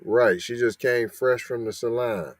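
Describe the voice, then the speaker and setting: A man's voice: mid-range voice, measured pace, dry recording. A man co-hosting a podcast, throwing in dry asides while reacting to a news story. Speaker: podcast co-host. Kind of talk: casual reaction commentary.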